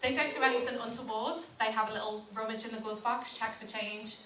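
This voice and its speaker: A woman's voice: fairly high pitch, fairly even intonation, a little fast. A woman performing an amateur stand-up set, telling dry stories about her car. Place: packed comedy night venue. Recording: echoey room, far mic, loud noise.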